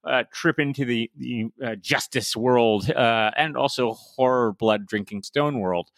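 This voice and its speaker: A man co-hosting a podcast in casual chat, halting with many fillers and restarts. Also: medium pitch, dry recording. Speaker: podcast co-host.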